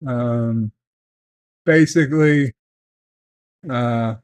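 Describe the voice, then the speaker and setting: A man vlogging from home, telling a family story in a slow, halting way with many fillers and restarts. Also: medium pitch, darkish tone, clean tone. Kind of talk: casual storytelling. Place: at home, in bed.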